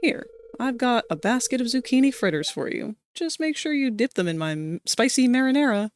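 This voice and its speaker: A woman's voice: on the high side, big pitch swings, brisk, voice pushed up. Kindly innkeeper, generous and offering, read by a woman streamer. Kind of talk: reading a game cutscene aloud.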